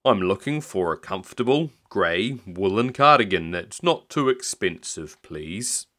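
A man reading aloud, voicing an easygoing, stubborn old grandfather who speaks slowly and mildly. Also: on the low side, lively intonation, sharp tone. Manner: slow, mild, stubborn.

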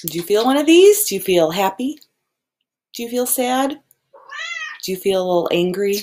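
A woman preschool teacher giving a gentle, expressive lesson to young children, acting out each feeling as she names it. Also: mid-range voice, normal speed. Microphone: video recording.

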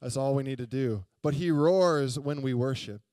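A man's voice: medium pitch, moderate pace, mellow, no room sound. A young adult man preaching a sermon, telling a story in a chatty way and often asking the congregation questions. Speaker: pastor. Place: church sanctuary.

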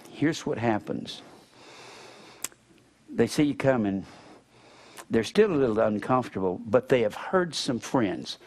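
A middle-aged pastor with a medium-pitched voice preaches a sermon in church. His style is folksy storytelling: he acts out other people's words and swings between loud and soft.

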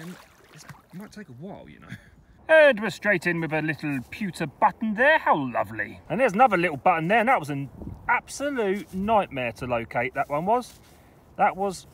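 A man talking casually to camera while metal detecting outdoors, chatty and excitable about his finds. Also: a little high, breathy edge. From England. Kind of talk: casual vlog commentary. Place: outdoors in a wet field.

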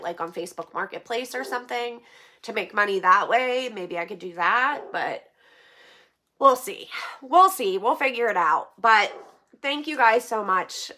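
A woman's voice: mid-range voice, pushed and bright. A woman vlogging as she opens donations, chatty with many fillers and near tears with gratitude. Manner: emotional, near tears, laughing through it. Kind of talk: casual vlog chat.

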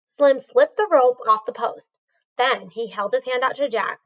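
A woman's voice: fairly high pitch, measured pace, dull audio. A woman reading a storybook aloud, carefully, with a few small slips. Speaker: reader.

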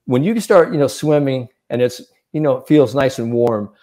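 This man talks at a moderate pace in a mid-range voice. As a sports psychologist on a podcast, he hands out mental coaching advice, animatedly narrating and impersonating the people he cites.

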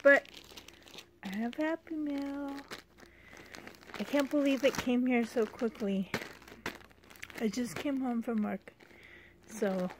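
A young woman at home chatting through an unboxing vlog, gushing with excited exclamations over gifts from a friend. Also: fairly high pitch, slow, long pauses, background noise. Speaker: vlogger.

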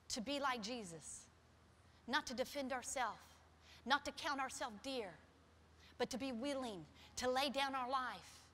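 A middle-aged woman pastor preaching a sermon with personal stories in a church, shifting from soft, quiet passages to loud, emphatic ones. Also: sits high, slight background noise. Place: church sanctuary. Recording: long hall reverb.

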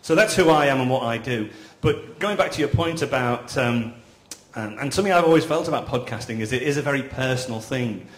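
A man talks quickly and earnestly on a live panel. He repeats words as he works through his points. The sound is roomy and echoey, as at an indoor event. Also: medium pitch, animated. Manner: earnest, explanatory, repeats words while building sentences. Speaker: full-time podcaster on a panel. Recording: echoey room.

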